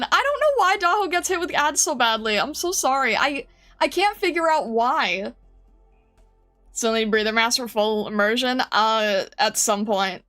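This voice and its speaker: A woman's voice: sits high, fairly bright tone. A woman streamer chatting casually with her viewers, giggling often and reading their comments aloud in a flustered way. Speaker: game streamer.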